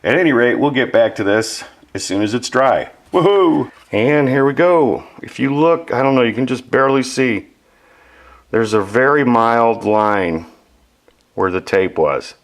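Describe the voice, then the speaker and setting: Brief: man, hobby workshop narrator, chatty explainer, mid pitch. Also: lively intonation, a little slow. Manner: chatty, explanatory, self-deprecating. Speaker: model maker.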